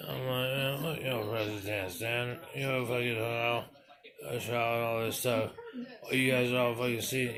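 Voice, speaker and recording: A man talking casually in a rambling way, restarting his sentences, swearing, and asking "you know what I mean" again and again. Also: fairly low pitch.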